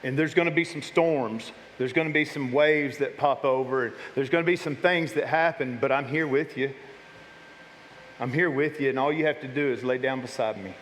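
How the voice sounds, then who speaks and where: A man's voice: mid-range voice, normal speed, fairly bright tone. Guy preaching in church, casual and repeats himself a lot, big hall reverb, faint room noise. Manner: conversational, repeats words, restarts. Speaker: pastor. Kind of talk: sermon. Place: church sanctuary.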